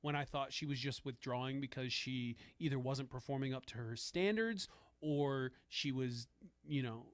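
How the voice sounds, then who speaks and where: A man's voice: mid-range voice, normal speed, no echo. Chill sports radio co-host guy, dry jokes, no room sound. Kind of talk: casual sports talk.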